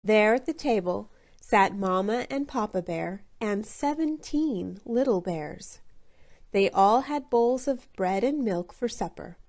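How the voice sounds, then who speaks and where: A woman reading a children's story aloud clearly and deliberately for English learners. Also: medium pitch, darkish tone. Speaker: audiobook narrator.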